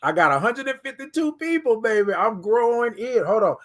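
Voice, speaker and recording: A man hosts a casual morning livestream, reading viewers' comments back to them in an animated way. His voice sits high, and he talks a little fast.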